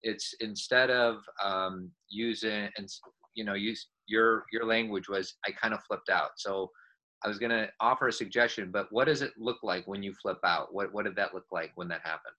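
Reassuring bright-voiced male podcast host. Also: fairly low pitch, normal speed, dull audio. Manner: reassuring, coaching, speaks in restarts. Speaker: podcast co-host giving parenting advice. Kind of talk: casual advice chat.

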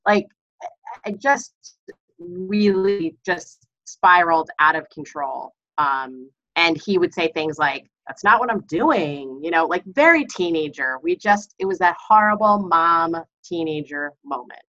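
A woman's voice: lowish voice, animated, measured pace, bright, forceful tone, lo-fi sound. A middle-aged woman calling in as a mother, telling a personal story in a candid, self-critical way. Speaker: caller, mother of a teenager.

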